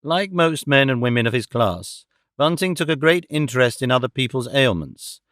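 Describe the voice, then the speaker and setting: Man narrating an audiobook, mid-pitched, steady, dry close recording. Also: moderate pace, dry recording. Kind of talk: scripted narration.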